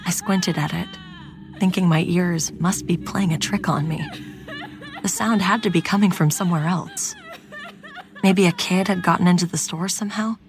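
A woman narrating a first-person horror story in a tense, scripted storytelling manner. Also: on the low side. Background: music.

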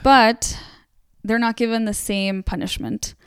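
Woman podcast host walking through a true crime case, chatty, lots of likes and um's, smooth clean voice, dry close sound. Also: a little high, steady tone, unhurried, no room sound. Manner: conversational storytelling, many fillers. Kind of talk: casual true-crime chat.

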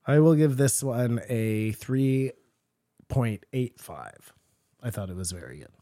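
Give me a man's casual animated podcast banter. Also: mid-range voice, no room sound, clean studio sound. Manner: animated, swearing, quick to laugh. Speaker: podcast co-host. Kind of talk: casual chat.

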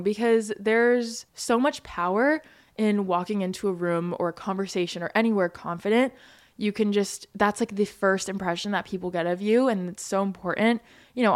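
A young woman in her early twenties talks through her podcast in a loose, casual way. She leans on "like" and "you know" as she goes. Her voice sits at an ordinary middle pitch for a woman. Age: young adult, 22. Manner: chatty, many fillers like "like" and "you know". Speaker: podcast host. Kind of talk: casual solo podcast chat.

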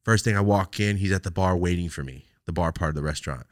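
A man hosting a podcast, telling a story in a profane, animated way and acting out both sides of the exchange. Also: sits low, fast, no room sound, studio quality. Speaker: podcast host. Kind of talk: casual storytelling chat.

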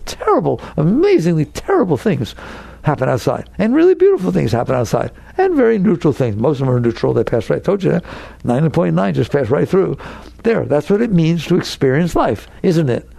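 A man's voice: a little high, gravelly, warm tone, dry recording. A man giving a conversational spiritual talk to a live audience, full of rhetorical questions and teasing challenges to his listeners. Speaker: spiritual teacher.

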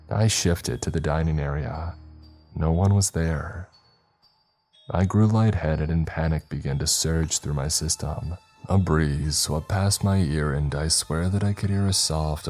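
Deep-voiced man narrating horror stories. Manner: steady, measured storytelling. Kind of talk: scripted horror story narration.

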